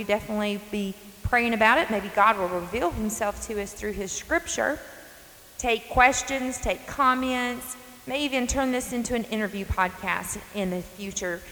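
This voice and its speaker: Her voice runs on the high side with a fairly bright tone as this North Carolina woman in her forties, Southern accent and all, hosts a faith podcast from her front porch. She is earnest, folksy and emphatic, and the recording has long reverb and faint hiss.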